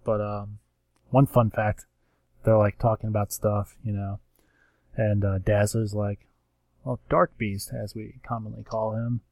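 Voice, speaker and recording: A man with a somewhat low voice talks through a comic issue in a loose, rambling way. He fills the gaps with ums and slips into quick quoted lines from the characters. The sound is dry and close, with no room around him. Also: level tone, gravelly, a little mellow, no echo. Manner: rambling recap with acted-out quotes and many fillers. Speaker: comics podcast co-host. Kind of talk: casual chat.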